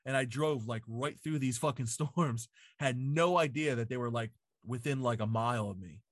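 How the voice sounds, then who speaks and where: A man talks loosely and profanely, packing his sentences with "like" as he tells a story. His voice sits at an ordinary middle pitch. The sound is dry and close, with no room echo. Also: moderate pace. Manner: profane storytelling full of "like" fillers. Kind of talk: casual chat. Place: home basement.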